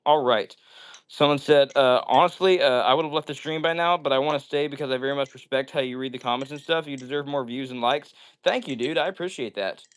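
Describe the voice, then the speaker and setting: A man's voice: mid-range voice, fairly quick, clear, resonant tone. A man hosting a casual live stream, reading viewers' comments aloud and answering them in an upbeat way. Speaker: livestream host.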